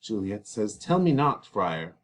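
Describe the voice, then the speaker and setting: A man's voice: big pitch swings, a little slow. A man teaching a play, reading its lines aloud and then paraphrasing them casually. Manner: reads quoted lines louder and higher, then paraphrases casually; conversational with fillers.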